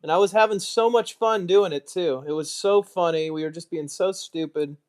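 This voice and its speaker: A man's voice: sits high, normal speed. An American man chatting casually on a live stream, muttering asides and mocking himself as he goes. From United States. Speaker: streamer, card collector.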